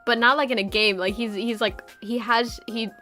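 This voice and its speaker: Young woman streamer, slightly high voice, giggly and rambling, casual chat. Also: fairly even intonation, moderate pace, sharp tone, faint music behind. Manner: giggly, rambling, many fillers.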